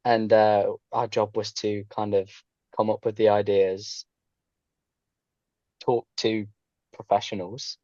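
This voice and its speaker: A man's voice: on the low side, level tone, takes it slowly, pauses often, darkish tone, no echo, highs cut off. A young man, a drama student, telling his story casually in an interview, chatty and full of fillers, joining online. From Coventry, England. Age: young adult. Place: online call.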